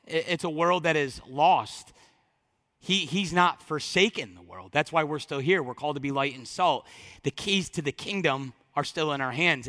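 High-voiced impassioned male preacher. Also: in a large hall. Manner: impassioned preaching that swings from loud to hushed. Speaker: pastor. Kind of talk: sermon.

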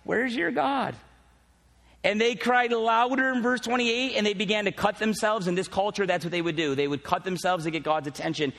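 A male pastor with a high, bright-sounding voice preaches in a conversational, animated way, slipping in teasing asides to his congregation. His voice carries a long reverb from the church hall. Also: brisk, few pauses. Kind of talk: sermon with casual asides.

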